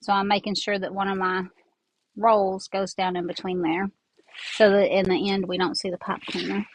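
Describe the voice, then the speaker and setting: A craft host with a Southern accent talks casually as she works on a craft, rambling and a little congested from her sinuses. Her mid-range voice shows little pitch movement at a moderate pace. The earbud mic audio is poor, with a little hiss or hum.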